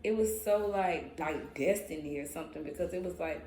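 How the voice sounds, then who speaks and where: A young adult woman telling a story casually in a vlog, animated and slangy. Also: low voice, moderate pace. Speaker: vlogger. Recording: roomy echo, faint ambience.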